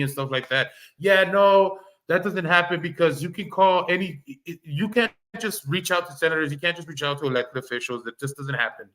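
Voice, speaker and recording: A man's voice: fairly high pitch, brisk, few pauses, a bit bright. A man giving heated livestream commentary on online drama, swearing freely and often stumbling and restarting his sentences.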